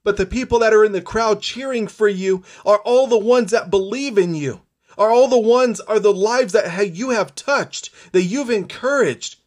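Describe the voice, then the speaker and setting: A man's voice: sits high, normal speed. A man giving a motivational speech, telling a story in the second person with dramatic repetition. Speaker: motivational speaker.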